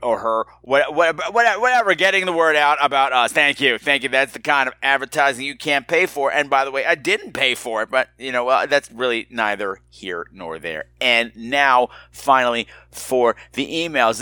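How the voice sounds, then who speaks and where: A man's voice: medium pitch, lively intonation, normal speed, hardly any pauses, pushed and bright, dry recording. A man hosting a solo podcast, talking in a campy, flirty, self-mocking way and reading listener emails. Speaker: podcast host. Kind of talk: casual solo podcast chat.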